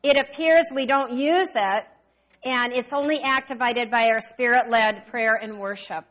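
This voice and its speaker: High bright-voiced woman preaching. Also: moderate pace, dull audio. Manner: animated, call-and-response with congregation. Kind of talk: sermon.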